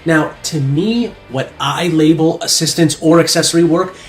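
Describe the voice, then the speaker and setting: A man's voice: a little high, fairly even intonation. Man coaching in an echoey room. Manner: casual, quick explanatory delivery with lists. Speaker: strength coach. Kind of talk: educational talk to camera. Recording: echoey room with faint music.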